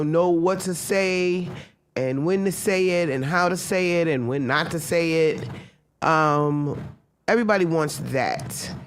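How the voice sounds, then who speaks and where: Woman host on a live show, ranting blunt and annoyed, faint noise behind. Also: low voice. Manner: animated, talks back to chat, many restarts. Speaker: podcast host. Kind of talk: casual live-stream commentary.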